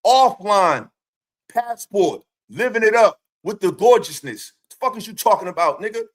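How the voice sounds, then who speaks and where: High, animated man ranting profanely. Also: normal speed. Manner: profane, taunting, rhetorical questions. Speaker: streamer host. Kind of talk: confrontational livestream rant.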